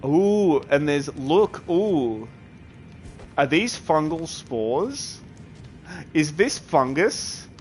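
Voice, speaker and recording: A man's voice: fairly high pitch, very animated, very slow, slight background noise. A man streaming live, chatting casually with his viewers, rambling and laughing often. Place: at his computer.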